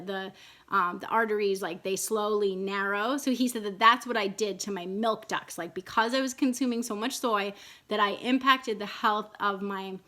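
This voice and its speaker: A woman in her thirties talks through a personal story in a loose, casual vlog style. She rambles, restarts her sentences and leans on fillers as she goes. Her voice sits a little on the high side. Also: sharp tone. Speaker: vlogger.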